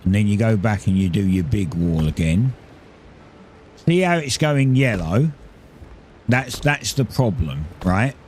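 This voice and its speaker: Low-voiced man rambling through gameplay. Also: expressive, unhurried, pauses often, darkish tone, slight background noise. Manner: rambling, self-correcting, explains building steps. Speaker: gaming streamer. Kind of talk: casual gameplay commentary.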